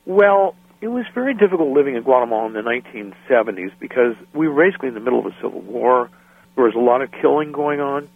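Gravelly man on a tinny line. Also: medium pitch, fast talker, no room sound. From United States. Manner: animated anecdotes, acts out quoted voices; laughs often. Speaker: guest, musician. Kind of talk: storytelling interview. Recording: dry phone-line sound.

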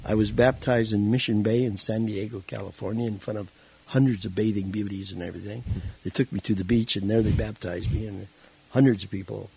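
A man being interviewed who tells his life story in a casual, animated way and acts out the voices in it. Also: fairly low pitch, fairly quick, vocal fry, husky, rough recording. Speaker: interview guest.

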